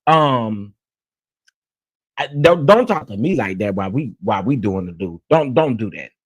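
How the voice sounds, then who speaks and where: A man's voice: on the low side, normal speed, slightly rough, no room sound. Sassy man doing gossip commentary. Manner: sassy and animated, repeats phrases for emphasis; addresses viewers as "y'all". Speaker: host of a celebrity gossip channel.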